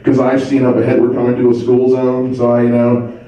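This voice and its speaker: Brief: male stand-up comic, deadpan storyteller, dark mellow tone, recorded from afar in a boomy room. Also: a little fast. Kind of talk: stand-up comedy set. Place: comedy club stage. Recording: distant dull mic in an echoey club.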